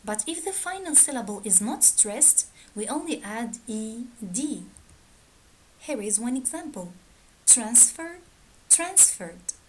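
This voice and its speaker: Slow, deliberate woman teaching grammar. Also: a little high, animated, a little mellow, a little hiss or hum, poor audio. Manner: slow, deliberate, reading out word pairs. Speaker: English teacher. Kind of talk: grammar lesson.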